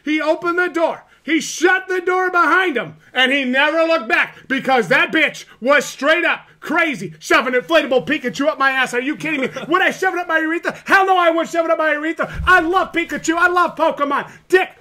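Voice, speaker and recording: A man doing a high-voiced, cocky boastful showman. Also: brisk, few pauses, bright, forceful tone. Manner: brags about himself in the third person. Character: cocky boastful male persona, arrogant showman. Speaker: streamer. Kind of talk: comedic live stream character bit.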